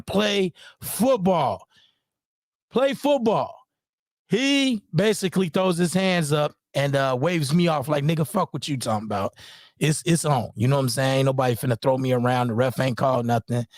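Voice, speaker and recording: A father breaking down his son's game footage in casual screen-share commentary, heated and profane, repeating "boom" as he points things out. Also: dry recording, studio quality. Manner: heated, profane, repeats "boom" and "you know what I'm saying".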